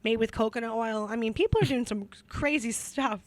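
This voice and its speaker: A young woman co-hosting a casual radio-style chat show, chatty and quick to laugh. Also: a little high, no room sound. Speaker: podcast co-host.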